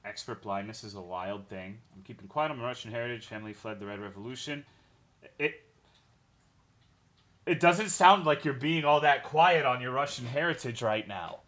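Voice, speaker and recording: A man's voice: mid-range voice, expressive, moderate pace, fairly bright tone. A young man streaming a game, chatting casually with his viewers in a rambling way, swearing often and greeting chat by name.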